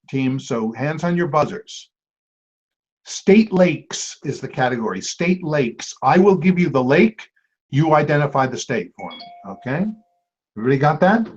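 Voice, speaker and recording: A man hosting a trivia quiz, reading clues aloud and repeating each one slowly. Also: on the high side, a little mellow, slightly rough. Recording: dull lo-fi amateur recording.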